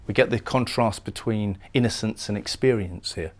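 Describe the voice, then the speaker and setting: A man's voice: on the low side, normal speed. A man giving a recorded poetry lecture, explaining lines of a poem and often repeating words as he goes. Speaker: literature lecturer.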